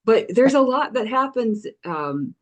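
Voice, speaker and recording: A woman's voice: fairly high pitch, very animated, unhurried. A woman hosting a podcast, explaining things in an easygoing way. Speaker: podcast host and medium. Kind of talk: casual podcast chat.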